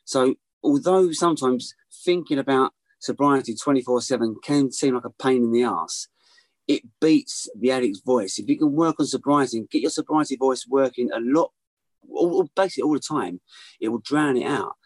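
A man's voice: mid-range voice, normal speed, no echo. A man on a podcast talking earnestly about staying sober, often repeating himself as he explains. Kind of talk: casual group chat.

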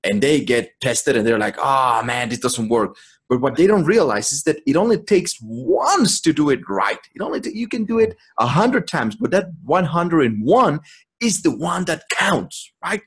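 Husky profane man in casual chat. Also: a little high, sing-song, moderate pace. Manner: profane, emphatic, laughs often. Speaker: podcast co-host.

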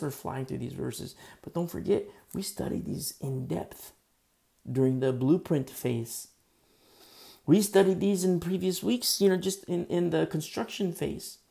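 A man's voice: fairly high pitch, creaky, dark tone. A man preaching a sermon in a conversational, folksy way, with asides and quoted lines. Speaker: pastor.

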